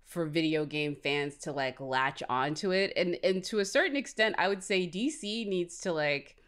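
A woman co-hosting a podcast with a low, smooth voice. She chats in a casual, frank way, with plenty of filler words. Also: expressive, normal speed, fairly bright tone. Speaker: podcast co-host.

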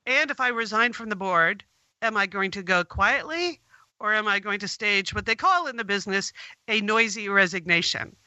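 A middle-aged woman telling a long story as a guest on an interview podcast, recounting events in an animated way. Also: medium pitch, normal speed, dry recording, muffled recording.

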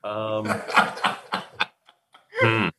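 A man hosts a casual chat in a very low, deep voice. He talks in a measured way with dry humor. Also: completely flat delivery, sharp tone, clear, resonant tone, rough recording. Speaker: host.

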